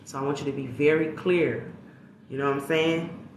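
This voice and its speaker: A man's voice: on the high side, fairly even intonation, moderate pace, roomy sound, a little hiss or hum, poor audio. A man giving a casual tarot reading, talking straight to his viewers in a slangy, emphatic way with frequent swearing. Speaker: tarot reader.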